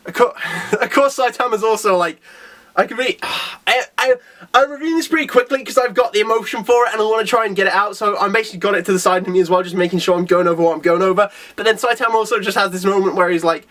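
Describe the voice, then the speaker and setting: A young man with a fairly high voice gives a casual, excitable manga review. He rambles, laughs often and keeps slipping into quick character impressions.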